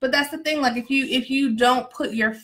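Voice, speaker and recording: A woman with a somewhat high voice speaks frankly and animatedly, calling out to her viewers directly. She sounds like she is sharing candid marriage advice alongside her husband in a livestream chat. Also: brisk, fairly bright tone. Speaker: pastor's wife. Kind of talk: candid couple talk on a livestream.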